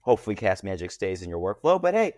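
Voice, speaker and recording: A man speaking as a podcast guest in a casual interview, talking animatedly with lively jumps in pitch. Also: quick pace, no echo, studio quality.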